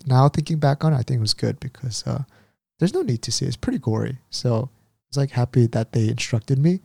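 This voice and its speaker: Mellow-voiced man telling a story. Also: mid-range voice, fairly quick, creaky, no room sound. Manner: animated retelling with quoted voices. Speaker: podcast co-host. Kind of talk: casual storytelling chat.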